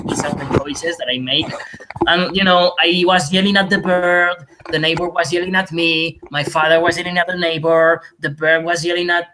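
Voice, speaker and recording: A man's voice: on the high side, background noise. A man from Spain in casual podcast chat at his father's house, rambling through stories with lots of swearing and self-mockery. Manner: rambling, profane, self-mocking storytelling. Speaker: podcast co-host.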